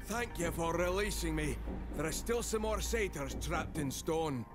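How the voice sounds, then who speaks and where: A man's voice: a little high, lively intonation, a little slow, faint music behind. A man voicing a polite, grateful male satyr in a video game.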